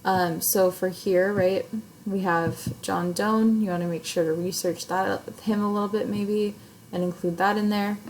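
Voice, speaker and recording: This clip comes from a young English teacher filming herself at home or in a classroom setup, explaining an assignment step by step in a casual way, full of fillers. Her medium-pitched voice is fairly even in intonation, a little slow and a little mellow. The recording is low quality, with slight hiss or hum.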